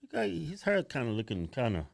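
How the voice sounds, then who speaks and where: A man's voice: mid-range voice, huge pitch swings, brisk, creaky. A middle-aged man bantering with his co-host, joking and laughing often. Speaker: political commentator.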